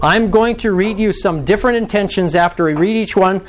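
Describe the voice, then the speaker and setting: Man leading a group workshop, higher voice. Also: fairly quick. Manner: coaxing, prompts the audience often. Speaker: workshop presenter. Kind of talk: interactive workshop talk.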